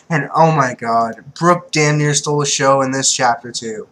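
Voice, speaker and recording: A young man giving casual, excitable manga commentary, swearing freely and laughing often. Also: medium pitch, normal speed, few pauses, slight background noise, low-quality recording. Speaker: manga reviewer.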